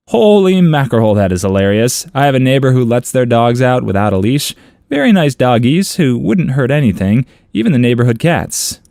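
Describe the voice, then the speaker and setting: A man reads online comments aloud for a story channel, playful and amused. His mid-pitched voice swings up and down with a lot of life. The sound is dry and close, with no room around it. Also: very animated, normal speed, gravelly, darkish tone, no room sound.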